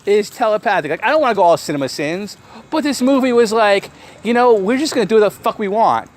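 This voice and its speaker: High-voiced sarcastic podcast host. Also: male voice, expressive, fairly quick. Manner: blunt, sarcastic critic. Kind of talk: casual podcast chat.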